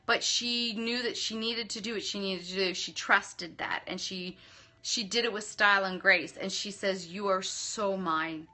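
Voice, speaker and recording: Bright-voiced, effusive woman medium. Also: a little high. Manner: effusive, calls viewers darling and love; laughs often between readings. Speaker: psychic medium. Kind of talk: live-stream reading for viewers.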